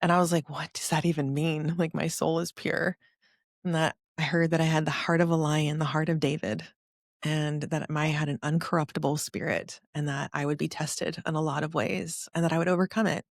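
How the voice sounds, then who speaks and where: Woman around forty, podcast host, earnest confessional testimony; low voice, dry close sound. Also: level tone, fairly quick, vocal fry, dry recording. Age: about 40. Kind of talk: personal testimony storytelling.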